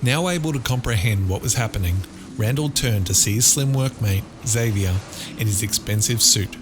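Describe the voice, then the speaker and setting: Male narrator, deep-ish voice, measured and dramatic audiobook reading, loud guitar music under him. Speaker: author and narrator. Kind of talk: audiobook narration of a dark thriller.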